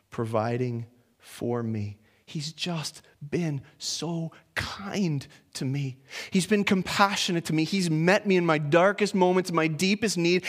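A pastor preaching a sermon in a conversational way, dropping to hushed lines and rising to animated ones, with playful asides and restarts. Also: male voice, medium pitch.

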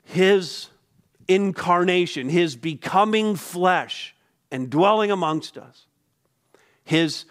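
High-voiced male pastor preaching emphatically. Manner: emphatic preaching with repeated words and pauses. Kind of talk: sermon.

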